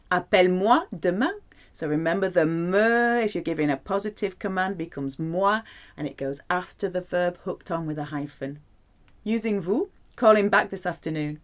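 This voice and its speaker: A woman teaching a French lesson, explaining playfully and slowly repeating words for practice. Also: lowish voice. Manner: lively, playful explaining with slow drilled repetitions. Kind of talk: language lesson.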